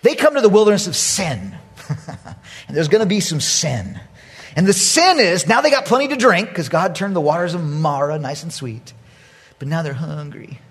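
A male pastor preaching a lively sermon to his congregation, acting out voices and laughing often. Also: on the high side, moderate pace, husky.

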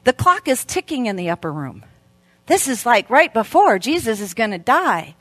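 A middle-aged woman delivers a sermon to a women's gathering, her fairly high voice swinging from quiet, drawn-out emphasis to loud, animated storytelling. The sound is close and dry, with no room echo. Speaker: speaker at a women's Christmas event.

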